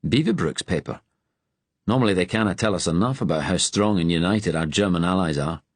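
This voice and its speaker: Guy reading a joking glasgow bloke, thick glasgow accent, low deep voice. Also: a little fast, husky, no room sound. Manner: light, teasing. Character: Glaswegian resistance man, wry and joking.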